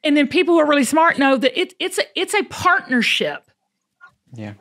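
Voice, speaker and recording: Lady host, high voice, emphatic and animated, chatty. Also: normal speed. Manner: emphatic, animated, preachy bursts. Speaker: show host. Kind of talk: casual chat.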